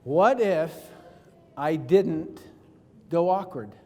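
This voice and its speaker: A man delivers a storytelling keynote, his fairly high voice carrying the lively back-and-forth of the conversations he acts out. The sound rings with the long reverb of a large hall. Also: very slow. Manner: animated, acts out dialogue in his stories. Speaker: motivational speaker. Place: large event hall on stage.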